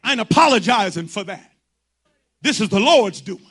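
A man's voice: sits high, animated, moderate pace, fairly bright tone, breathy edge. A man preaching a sermon to his congregation, impassioned and colloquial, driving his points home through repetition.

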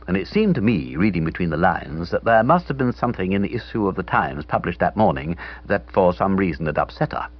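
Husky, low-voiced male comic narrator. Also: muffled recording. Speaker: audiobook narrator. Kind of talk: comic first-person narration.

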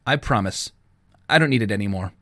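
A man's voice: fairly low pitch, lively intonation, fairly quick, a bit bright, no echo, studio quality. A man voicing a defiant teenage girl. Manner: cocky, matter-of-fact. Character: bold, defiant teenage girl who fights.

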